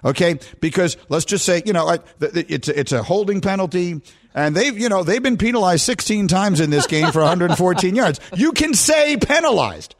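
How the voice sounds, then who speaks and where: A high-pitched male sports radio host speaks fairly quickly into a studio mic, trading casual banter and telling stories. Animated throughout, he frequently breaks into laughter at his own stories.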